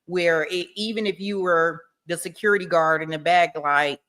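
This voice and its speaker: A woman's voice: fairly low pitch, steady tone, moderate pace, a bit bright. A woman chatting casually as a livestream trial commentator, laughing often and talking straight to her viewers.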